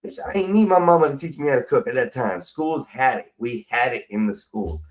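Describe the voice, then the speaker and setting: A man with a drawl rambles through a casual livestream chat, cursing freely as he sips a drink. His voice sits at an ordinary middle pitch, loose and conversational. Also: animated, brisk, rough recording. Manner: profane, rambling, drinking while talking. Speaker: stream host.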